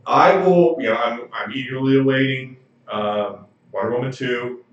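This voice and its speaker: A man's voice: medium pitch, moderate pace. A man co-hosting a podcast in casual chat, hesitant and often trailing off. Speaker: podcast co-host. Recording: roomy, distant, slightly dull livestream audio.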